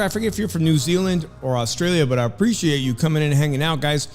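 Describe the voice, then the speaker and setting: A man's voice: fairly high pitch, quick pace, hardly any pauses, darkish tone, big-room sound. A man hosting a casual live stream, rambling between fight commentary and chat while chewing food at home. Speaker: livestream host and fight commentator. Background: background music.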